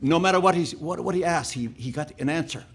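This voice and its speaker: A man's voice: fairly high pitch, quick pace, slightly rough. A man from Newfoundland telling humorous stories at a conference, folksy and repeating his words. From Newfoundland, Canada. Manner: folksy, repeats words, laughs at own jokes. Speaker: conference speaker. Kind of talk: humorous storytelling.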